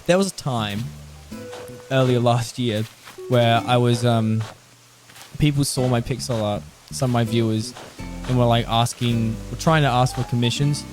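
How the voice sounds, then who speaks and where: A male game streamer talks casually and rambles while he plays, often stopping to search for words and laughing along the way. His voice sits at an ordinary pitch for a man. Music plays clearly in the background. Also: steady tone, unhurried. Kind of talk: casual chat while playing.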